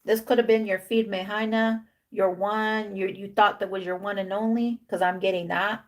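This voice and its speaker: A woman's voice: mid-range voice, steady tone, moderate pace. Woman giving an emphatic tarot reading. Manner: drops in Spanish slang words; acts out imagined dialogue of the cards' figures. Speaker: tarot reader. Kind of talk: casual tarot reading to camera.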